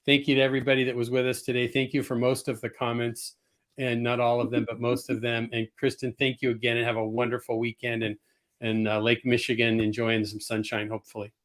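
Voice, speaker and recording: A man's voice: mid-range voice, flat delivery, brisk, a bit bright. A man hosting a business webcast in a friendly, casual way, often repeating words. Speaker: host.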